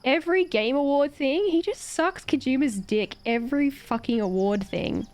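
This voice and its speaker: A woman's voice: high-pitched, moderate pace, a little mellow, dry recording. A woman streamer chatting casually while gaming, ranting animatedly with swearing and laughter.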